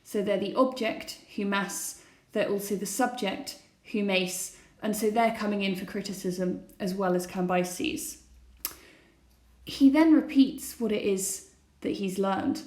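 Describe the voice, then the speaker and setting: A woman's voice: medium pitch, takes it slowly, a little mellow, roomy sound. A woman teacher explaining a set text over slides in a recorded lesson, asking her students questions as she goes. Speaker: classics teacher.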